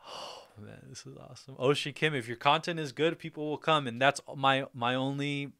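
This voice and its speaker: A man's voice: medium pitch, normal speed, vocal fry, pushed and bright, clear, resonant tone, dry recording, studio quality. A young man hosting a livestream, chatting casually and upbeat, laughing often as he reads out viewer comments. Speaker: livestream host.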